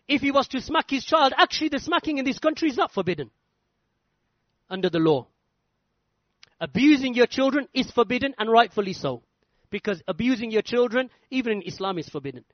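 Guy lecturing on religion, very high voice, keeps repeating his points, dull lo-fi recording. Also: dry recording. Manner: emphatic, repetitive preaching. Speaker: Islamic lecturer.

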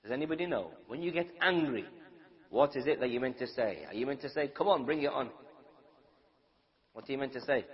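A man's voice: mid-range voice, lively intonation, quick pace, big-room sound. A man from the UK giving an Islamic lecture, asking his audience questions and acting out everyday quarrels. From United Kingdom. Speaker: Islamic preacher. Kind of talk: religious lecture to a live audience. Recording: dull lo-fi recording.

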